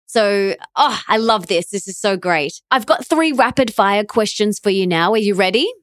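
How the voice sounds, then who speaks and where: Female host, mid pitch, gushing and encouraging, dry room. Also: animated, normal speed, dry recording. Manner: warm, effusive, affirming. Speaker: podcast host. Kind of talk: interview.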